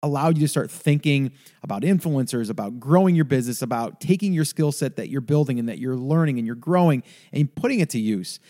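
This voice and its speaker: A man's voice: medium pitch, expressive, a little fast. A man hosting a podcast, wrapping up an episode with upbeat, motivational encouragement to listeners, with guests in a lake house room. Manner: upbeat, motivational, builds to loud rallying call. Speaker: podcast host. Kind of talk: casual podcast sign-off.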